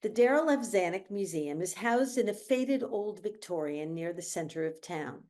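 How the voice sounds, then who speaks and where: A woman reading stage directions aloud in a measured, descriptive way at a virtual table read. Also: lowish voice, animated, darkish tone. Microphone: video call.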